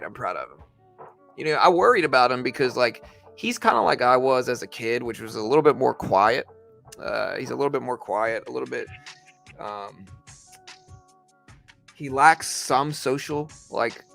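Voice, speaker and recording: A man with a gravelly, fry-edged voice chats loosely to his live-stream audience from home. He rambles, circles back and drops easygoing fillers as he goes. Faint music plays underneath. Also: mid-range voice, pushed and bright. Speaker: trading live-stream host. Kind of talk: casual live-stream chat.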